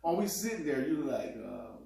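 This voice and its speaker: A man in casual chat with his partner, telling animated stories and acting out quotes with laughs. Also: medium pitch, moderate pace, gravelly, slight background noise. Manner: animated, laughing storyteller who acts out quotes. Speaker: co-host. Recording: echoey room, distant mic.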